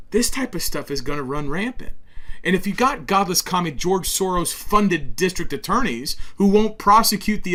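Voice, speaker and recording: Male host, fairly high-pitched, forceful and preachy delivery with stumbles. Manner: emphatic, preachy, stumbles over words. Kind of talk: political monologue.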